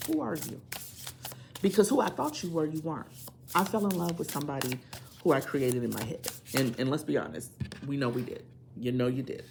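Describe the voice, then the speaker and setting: A tarot reader delivers a reading monologue to her viewers in a deep voice with a gravelly edge. She preaches her points with emphasis and repeats key lines so they stick, over a faint hiss of noise.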